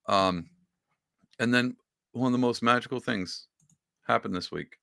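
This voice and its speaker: A man hosts a casual political commentary show and rants in an excitable, sarcastic way, his pitch jumping high and then dropping back. His voice is bright and forceful, recorded close and dry. His pitch sits in the ordinary middle range. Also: unhurried, vocal fry, clear, resonant tone, no echo. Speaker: podcast host.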